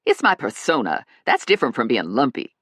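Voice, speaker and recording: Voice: medium pitch, huge pitch swings, fairly quick, fairly bright tone, slightly rough, dry recording, studio quality, heavily acted. A narrator doing a sassy, brash woman. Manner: sassy, emphatic, self-assured.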